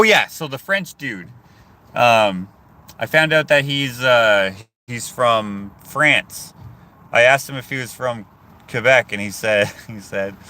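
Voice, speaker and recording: A Canadian man with a medium-pitched, sharp voice vlogs from inside his car, talking casually into his phone and reading out viewer comments. He rambles in a chatty way, often cutting himself off mid-thought, and there's a little background noise.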